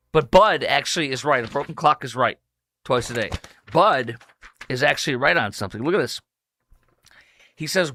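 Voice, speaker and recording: A combative male talk radio host holds forth in a mid-pitched voice, hammering points home and speeding up in emphatic bursts. The sound is dry and close, with no room around it. He moves between reading ads and opinionated monologue. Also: bright, forceful tone, no room sound.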